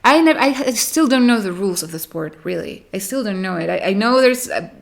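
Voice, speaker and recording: A woman's voice: mid-range voice, lively intonation, a little fast, creaky. A woman vlogging to camera in casual chat, rambling with self-mocking, dramatic complaints.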